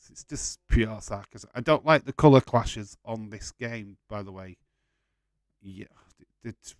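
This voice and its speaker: A man talks loosely on a live stream in a fairly low voice, rambling and swearing as he reacts to his viewers. The sound is dry and close to the microphone, with no room around it. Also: no room sound. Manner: swears freely, rambling, laughs often. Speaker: streamer host of a watch-along. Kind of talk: casual live-stream chat reading viewer comments.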